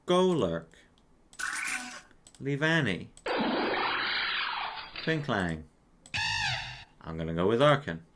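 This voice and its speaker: A man's voice: fairly low pitch, animated, a little slow, pauses often, heavy background noise. A young man playing a quiz at his computer, thinking aloud in casual, self-mocking commentary full of swearing. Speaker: quiz player. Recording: clear mouse clicks behind.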